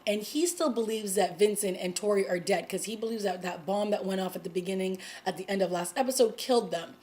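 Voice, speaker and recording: A woman giving a casual recap of a TV episode, talking in a chatty way full of "like" and "you know" and getting excited at dramatic moments. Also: medium pitch, fast talker, few pauses. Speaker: TV show recapper.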